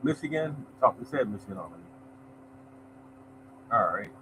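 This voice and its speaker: A man's voice: medium pitch, sing-song, moderate pace, background noise. A man hosting a lottery show, chatting casually as he reads results and greets viewers by name. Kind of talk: casual live-stream chat, reading results.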